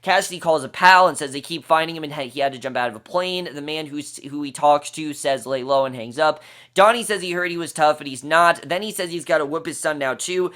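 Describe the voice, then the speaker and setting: A man's voice: fairly high pitch, a little fast, fairly bright tone. A man giving a casual, enthusiastic recap and review of a TV episode, loose and chatty with fillers and restarts. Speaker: TV series reviewer.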